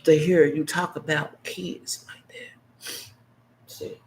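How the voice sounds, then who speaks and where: A man's voice: fairly high pitch, steady tone, slow pace, a little hiss or hum, low-quality recording. Impassioned man in his fifties venting. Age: 50s. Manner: impassioned and blunt, swinging between heated outbursts and hushed, choked-up asides. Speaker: vlogger. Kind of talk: unscripted emotional monologue to camera.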